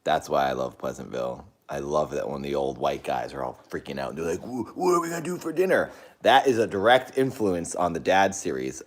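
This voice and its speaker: A man hosting a casual live stream, rambling to his chat with sudden excited outbursts. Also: rumbling low.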